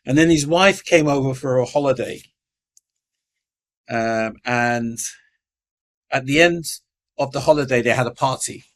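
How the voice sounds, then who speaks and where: A man's voice: mid-range voice, a little slow, long pauses. A middle-aged man, a podcast guest telling his life story and acting out the voices of the people in it. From England.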